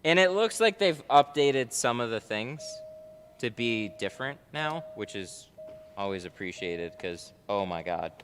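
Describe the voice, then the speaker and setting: A man's voice: medium pitch, lively intonation, unhurried, a bit bright, long reverb tail, a little hiss or hum. A man working as a window tinter, chatting casually on a livestream while he works and answers viewer chat. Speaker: window tinter streaming live. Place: car tint shop.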